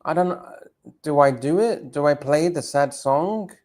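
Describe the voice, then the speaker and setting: A man's voice: fairly high pitch, unhurried, darkish tone. A man co-hosting a livestream who swears often and stumbles over his words, sounding emotional. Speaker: livestream co-host. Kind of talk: livestream chat.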